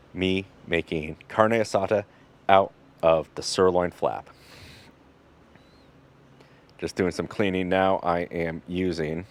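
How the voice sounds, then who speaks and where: A man with a very low voice talks through his butchering in an easygoing, instructional way. He keeps it loose and jokey, with plenty of fillers. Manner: relaxed and joking, with fillers. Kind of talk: casual instructional narration.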